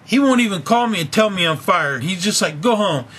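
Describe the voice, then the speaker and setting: A man's voice: high voice, animated, brisk, fairly bright tone, breathy edge. A young man venting on a video blog, talking angrily and profanely about being fired. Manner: angry, ranting, profane. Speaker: video blogger. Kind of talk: casual venting vlog.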